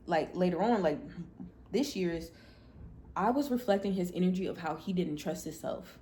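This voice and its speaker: A young adult woman hosting a podcast, telling a personal story in a candid, blunt and expressive way. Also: mid-range voice. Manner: blunt, expressive, animated when quoting herself. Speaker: podcast host.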